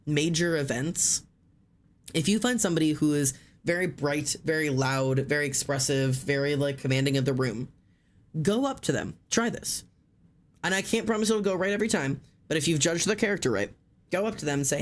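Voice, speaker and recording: Brief: higher-voiced man streamer, animated casual chat, lots of "like", swears freely. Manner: excitable, chatty, repeats words, says like often.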